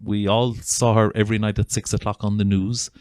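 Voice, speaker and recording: With a lowish, slightly mellow voice and a level tone, an Irish man who works as a psychotherapist speaks a little fast. He is earnestly and warmly introducing a video to an audience in an informal talk, often restarting, on a dry recording.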